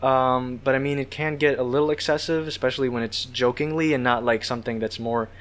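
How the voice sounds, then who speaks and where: A man's voice: mid-range voice, fairly even intonation, brisk. A man guesting on a casual podcast, giving his opinions with lots of hedging. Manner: hedging, says "I feel like" a lot.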